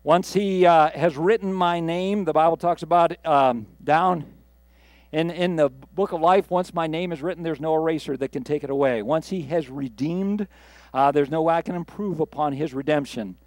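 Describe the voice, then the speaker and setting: A man's voice: on the high side, normal speed, darkish tone, dry recording. A man preaching a sermon from the pulpit, reading scripture and building earnestly to emphatic peaks. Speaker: pastor.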